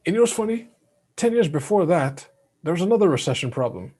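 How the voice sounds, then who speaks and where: A young man co-hosting a podcast, chatting loosely in a relaxed, rambling way with slangy asides. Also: high-pitched, fast, slightly rough. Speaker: podcast co-host. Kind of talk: casual chat.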